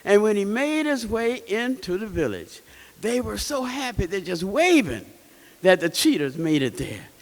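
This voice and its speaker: A man telling a folktale to a live audience in an animated way, asking them questions as he goes. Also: sits high, normal speed, in a large hall. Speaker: storyteller. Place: event hall.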